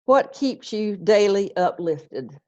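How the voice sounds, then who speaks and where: This middle-aged woman minister takes it slow, answering her congregation's questions casually and folksily with frequent chuckles. Her mid-range voice is darkish with lively intonation and no echo, heard through dull, dry, lo-fi stream audio.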